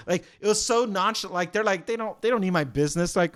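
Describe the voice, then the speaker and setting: An animated man co-hosts a podcast in casual chat, fairly high-pitched for a man. He tells his stories with lively acted-out voices for the other people in them. The sound is dry and close. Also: quick pace, hardly any pauses, no echo. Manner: animated storyteller, acts out dealer dialogue. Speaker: podcast co-host.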